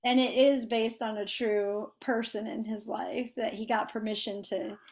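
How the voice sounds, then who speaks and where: A woman's voice: a little high, level tone, measured pace, darkish tone. A woman hosting a casual faith conversation, chatty, with many fillers and restarts. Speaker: podcast host.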